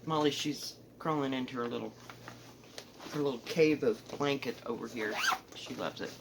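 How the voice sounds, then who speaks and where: A woman with a Southern accent, chatting casually about her stitching at home, rambling, correcting herself and often trailing off softly. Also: extremely low pitch, normal speed, heavy background noise. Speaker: cross-stitch vlogger. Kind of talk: casual show-and-tell chat. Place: home, indoors.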